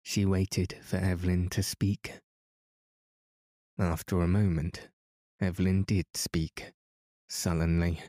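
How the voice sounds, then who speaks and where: Soothing male bedtime narrator, mellow and dry. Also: deep voice, takes it slowly, long pauses, no echo. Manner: calm, soothing reading. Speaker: podcast narrator.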